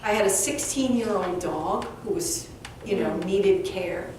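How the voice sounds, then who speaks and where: A mid-range voice, speaking a little slowly, belongs to a woman author interviewed at a live event. She's lively and funny, acting out pieces of dialogue while telling stories. The sound is echoey and distant, with a faint noise floor.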